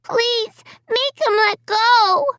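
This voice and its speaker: A frightened three-year-old girl cries out in a very high, shrill voice. Her sobbing pleas stretch and break, sounding strained and unlike an adult speaker. The recording is dry and close. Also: fairly even intonation, very slow, fairly bright tone, dry recording, heavily acted. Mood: wailing, pained. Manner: crying, high shrill pleading.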